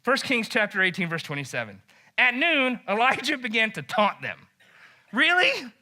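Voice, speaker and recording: A male pastor with a fairly high voice and a very bright, sharp tone. He retells a scripture story like a casual chat, animated and joking, with "like" dropped in all the time. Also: normal speed. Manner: animated and joking, heavy use of "like".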